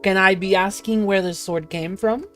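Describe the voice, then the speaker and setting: A woman voicing a big, gentle male tea shop keeper in a game, using a put-on foreign accent and formal, broken phrasing. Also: mid-range voice, fairly even intonation, normal speed, soft background music, close to an everyday voice.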